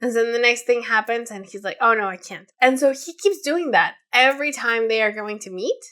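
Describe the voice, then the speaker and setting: A woman's voice: a little high, fairly quick, fairly bright tone. A woman in her late twenties, co-hosting a podcast and retelling a story in casual chat, with many fillers and quoted voices. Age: 20s. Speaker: podcast co-host.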